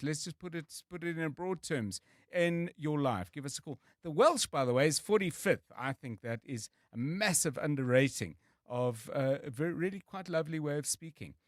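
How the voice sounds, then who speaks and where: South african guy hosting drive-time radio, jokey and teasing, kinda high voice, dry mic. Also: a bit bright, no echo. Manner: playful, teasing, joking. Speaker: radio show host. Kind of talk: casual radio chat.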